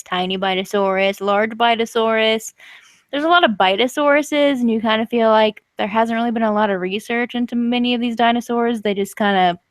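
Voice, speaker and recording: A woman's voice: a little high, clean tone, no echo. A woman narrating a tabletop game as game master, casual and chatty with many fillers.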